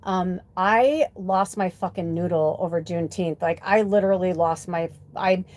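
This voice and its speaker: A woman's voice: fairly low pitch, moderate pace. A woman hosting a spiritual live stream, chatting casually and animatedly with lots of fillers and curse words, sometimes mimicking other people's voices. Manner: animated and profane, many fillers, quotes voices in mock tones. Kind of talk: casual live stream chat with tarot reading.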